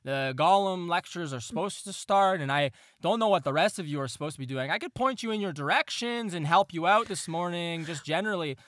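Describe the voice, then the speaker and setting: Give me a man playing a fussy, awkward gnome researcher with a bright, dry sound. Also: high-pitched, no echo. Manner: halting, filler-heavy, deadpan.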